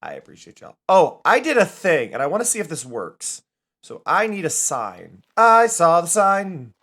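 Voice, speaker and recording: A young man talks his way through a live game stream in a loose, rambling way, often breaking into laughter. His voice sits slightly high and swings widely in pitch, which makes his chatter sound animated. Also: normal speed, creaky. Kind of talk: casual live-stream chat while gaming.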